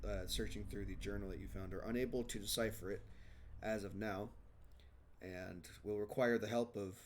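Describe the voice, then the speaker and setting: A man's voice: fairly low pitch, steady tone, normal speed, a little hiss or hum. A man running a tabletop game as game master, narrating and joking loosely with his players, now and then swearing.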